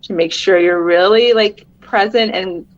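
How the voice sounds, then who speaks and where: A woman's voice: mid-range voice, a little slow, no room sound, lo-fi sound. A middle-aged woman, a podcast guest, talking earnestly and encouragingly in casual conversation, laughing often.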